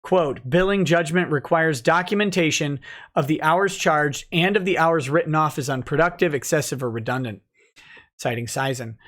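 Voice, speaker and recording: A man in his thirties, a lawyer host reading court filings aloud and commenting, rushing through citations and slowing down hard to stress his points. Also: fairly high pitch, a bit bright. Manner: reads citations fast, then slows to stress points; stumbles and self-corrects on case names.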